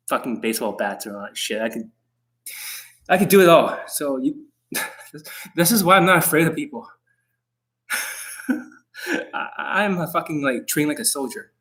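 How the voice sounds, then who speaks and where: A man's voice: fairly high pitch, expressive, unhurried, pauses often, fairly bright tone. A middle-aged man, a dating coach, talking on a live stream in an intense, rambling, profane way that can come across as angry.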